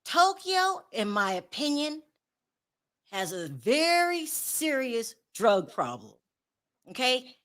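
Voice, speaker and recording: A woman with a high, bright voice hosts a gossip livestream. Her pitch swings widely as she talks. She gives her opinions bluntly and greets viewers in her chat. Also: wildly swooping pitch, takes it slowly. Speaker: host. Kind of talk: celebrity gossip livestream commentary.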